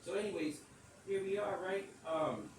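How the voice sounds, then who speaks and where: A man who calls himself a psychic medium tells a rambling personal story. He talks loudly and acts out what people said, often laughing. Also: sits high, normal speed, noisy background. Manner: animated, loud, acts out quotes and laughs often. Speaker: self-described psychic medium telling a story. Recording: echoey, distant mic with faint ambience.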